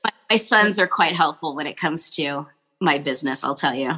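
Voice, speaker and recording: A woman who works as an esthetician, chatting casually and telling animated stories with frequent laughter. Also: deep voice, normal speed, breathy edge. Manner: animated storyteller, laughs often. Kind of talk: casual chat.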